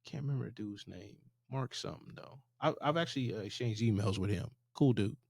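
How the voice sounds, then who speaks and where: A man's voice: lowish voice, brisk, gravelly, darkish tone, slightly rough, dry recording, clean studio sound. A man co-hosting a podcast, chatting casually and loosely, joking around. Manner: loose, joking, mimics a preacher. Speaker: podcast co-host. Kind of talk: casual chat.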